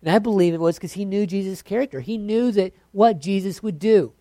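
A preacher delivers a sermon in a relaxed, conversational way, poking fun at their own habits. The voice sits mid-range and sounds close and dry, with no room echo. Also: medium pitch, brisk. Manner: conversational, self-deprecating, mimics prayers.

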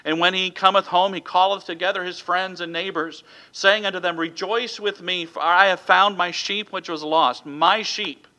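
Bright-voiced male preacher reading scripture. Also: high-pitched, steady tone, moderate pace, few pauses, rough recording. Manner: reads King James scripture aloud, then preaches with "Amen?" asides.

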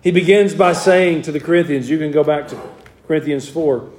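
A man's voice: fairly high pitch, fairly quick, a little mellow, roomy sound. A man preaching an evening sermon, reading scripture aloud and then explaining it in plain words. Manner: reads scripture in King James wording, then explains it plainly.

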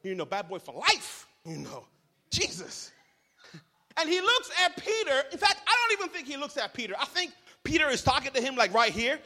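A man preaching a sermon as pastor, telling the story with humor and animated asides. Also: very high-pitched, normal speed. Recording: large hall reverb.

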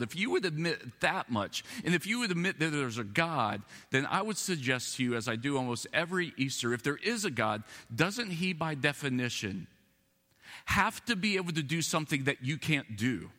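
A man's fairly high, bright, sharp voice carries a church sermon with long reverb trailing behind it. He preaches in a loose, conversational way, musing aloud and dropping in self-deprecating asides. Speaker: pastor. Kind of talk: Easter sermon.

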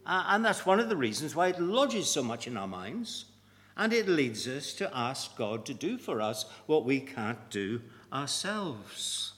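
A man's voice: medium pitch, big pitch swings, fairly bright tone. Emphatic male preacher in a reverberant church. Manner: deliberate and emphatic, with measured pauses. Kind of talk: sermon. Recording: long reverb of a church hall.

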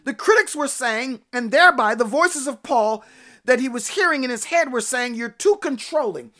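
A woman's voice: high-pitched, lively intonation, moderate pace, bright, forceful tone. A woman preacher delivering a fervent sermon, calling out to her congregation by name and rising to emphatic peaks.

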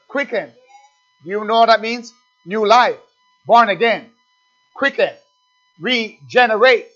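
Male preacher, conversational sermon, high voice, faint music behind. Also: unhurried, long pauses, fairly bright tone. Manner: conversational, repeats words and asks the congregation questions. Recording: dull lo-fi recording with faint music.

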